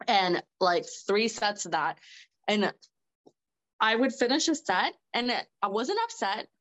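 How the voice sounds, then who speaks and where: A woman's voice: medium pitch, expressive, slow, a bit bright, rough recording. A woman guest on a podcast telling stories casually, laughing often and filling her speech with "like". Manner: chatty, laughs often, heavy use of "like". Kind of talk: casual conversational storytelling.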